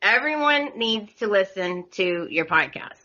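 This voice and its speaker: US woman, podcast host, bright chatty voice, laughs a lot, lo-fi recording. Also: mid-range voice, lively intonation, measured pace. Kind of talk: casual podcast chat. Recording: dull lo-fi sound.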